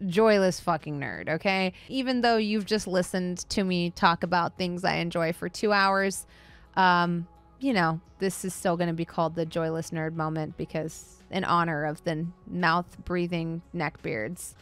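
A woman's voice: lowish voice, steady tone, a little slow, smooth, faint music behind. Blunt, sarcastic woman ranting. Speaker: streamer and comic book show host. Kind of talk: casual opinionated review.

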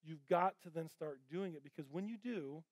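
A pastor preaching a sermon in a church auditorium, passionate and conversational, with frequent fillers and restarts. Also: male voice, on the high side, moderate pace, no echo.

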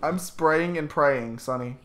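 A young woman casually chatting and joking while playing a shooter game, excitable and quick to laugh. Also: low voice. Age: young adult. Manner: excitable, lively, laughing, swearing. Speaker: gameplay commentator. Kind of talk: casual gaming chat.

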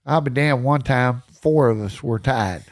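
A middle-aged man, a podcast guest telling stories in casual chat, energetic and swearing freely. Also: mid-range voice, unhurried.

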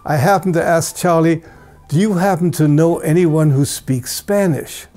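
A man's voice: a little high, a little slow, mellow, faint music behind. An older man presenting an award, telling a plain-spoken, storytelling tribute and chuckling now and then. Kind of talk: anecdotal tribute speech.

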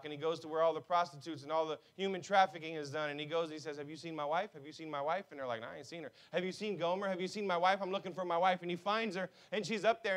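A man preaching a sermon as pastor, mixing humor with passionate, shouted appeals. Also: high voice.

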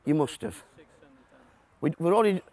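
A man coaching a football session. He shouts instructions to players and explains the system to watching coaches in a blunt, joking way. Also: sing-song, normal speed. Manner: shouting instructions to players on a pitch, then explaining quietly to an audience. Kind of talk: coaching session with live demonstration. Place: outdoor football pitch.

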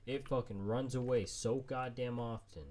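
A man's voice: mid-range voice, fairly even intonation, moderate pace, a little mellow. A man streaming a survival game solo, frustrated and swearing nonstop as he plays. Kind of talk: let's play commentary.

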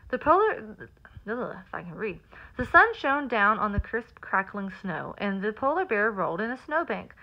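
A woman reading a picture book aloud to children, pausing to explain words and count along with them. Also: mid-range voice, very animated, dull audio. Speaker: teacher.

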